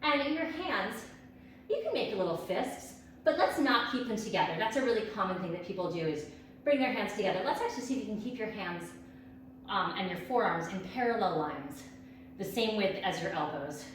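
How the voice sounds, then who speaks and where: A woman's voice: mid-range voice, expressive, a little fast, slight background noise. A woman fitness instructor leading a workout, upbeat and out of breath as she counts reps and coaches. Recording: echoey room, distant mic.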